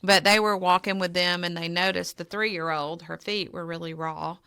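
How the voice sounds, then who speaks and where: A woman's voice: on the low side, moderate pace, smooth, no room sound, clean studio sound. A woman, a charity co-founder, telling a personal story in a podcast interview and acting out the dialogue as she goes. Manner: animated storyteller, acts out quoted dialogue.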